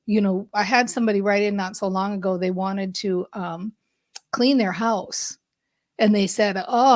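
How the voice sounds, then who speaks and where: A woman hosting a podcast, giving an upbeat, emphatic motivational monologue that speeds up and slows down for effect. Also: fairly high pitch, no echo, studio quality. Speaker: podcast host and mindset coach.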